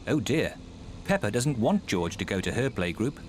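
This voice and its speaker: A man giving scripted narration for a children's cartoon in a clear storytelling delivery. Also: medium pitch, big pitch swings, normal speed, slight background noise.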